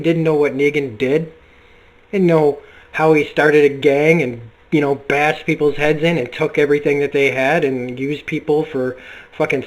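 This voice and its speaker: Excitable, swearing guy reviewing comics. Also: a little high, poor audio. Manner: excitable, profane, rambling. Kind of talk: casual spoken review.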